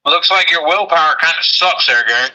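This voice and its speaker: Very bright, teasing man. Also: fairly high pitch, a little fast, poor audio. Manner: teasing, needling. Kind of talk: casual teasing banter.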